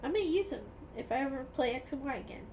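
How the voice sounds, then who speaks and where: A woman's voice: high-pitched, animated, fast, darkish tone, slight background noise. A woman co-hosting a podcast in casual chat, playful and laughing often. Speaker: podcast co-host.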